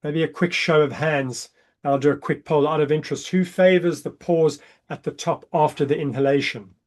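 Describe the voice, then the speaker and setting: A man with a slightly high voice coaches a breathing class over a video call. He explains each exercise plainly. Then he counts the breaths softly and slowly. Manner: calm counting, drops soft and low during counts. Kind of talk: guided breathing workshop.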